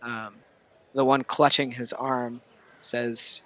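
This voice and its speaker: A male game master narrating a tabletop role-playing session in a casual, halting way, filling gaps with ums and uhs. His voice is bright and forceful. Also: medium pitch. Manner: casual, many fillers and pauses.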